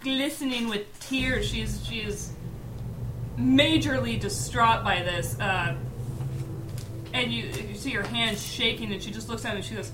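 A woman's voice: fairly high pitch, unhurried, music in the background. A woman playing in a tabletop game, casually narrating her character's actions. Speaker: player. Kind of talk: tabletop role-play. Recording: roomy echo.

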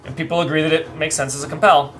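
Man, game master, tabletop game, rules explanations, slightly high voice. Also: fairly even intonation, racing. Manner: explains rules patiently, many fillers.

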